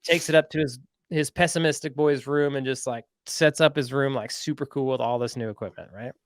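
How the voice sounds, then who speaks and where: A man's voice: medium pitch, steady tone, fairly quick, no echo. A man hosting a podcast, telling a story in a casual, rambling way, full of "like" and "right?". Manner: chatty, rambling, lots of "like" and "right?". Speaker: podcast host.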